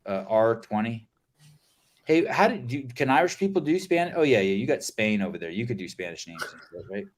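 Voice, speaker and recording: A man hosting a casual podcast, excitable and swearing, trailing off into fillers and restarts. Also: mid-range voice, brisk. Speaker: podcast host.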